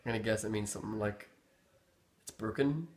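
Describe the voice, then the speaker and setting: A young Northern Irish man with a lower-pitched voice explains local slang fairly quickly, in his home accent. He keeps it easygoing and rambling, searching for words now and then in this casual explanation.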